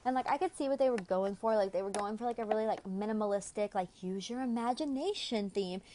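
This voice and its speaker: A woman's voice: mid-range voice, quick pace, mellow, slight background noise. Young woman YouTuber, casual storytelling voice, talkative with frequent fillers. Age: young adult.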